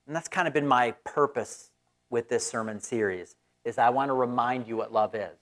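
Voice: medium pitch, moderate pace. A pastor giving a conversational, folksy sermon in church.

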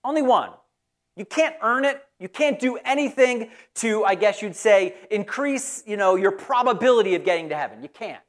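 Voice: medium pitch, lively intonation, moderate pace. A pastor giving a conversational, folksy sermon in church.

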